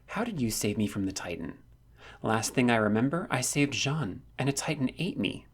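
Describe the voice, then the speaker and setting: A man's voice: medium pitch, lively intonation, breathy edge. A man voicing a flustered young soldier. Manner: bewildered, rapid-fire questioning. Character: confused eager young male soldier.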